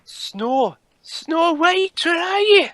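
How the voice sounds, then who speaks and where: A man doing a mock-Scottish impression of a lovesick man calling loudly for his lost love. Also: sing-song, drawn-out words, no room sound, exaggerated voice. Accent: attempted Scottish. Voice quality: strained, high, shouting.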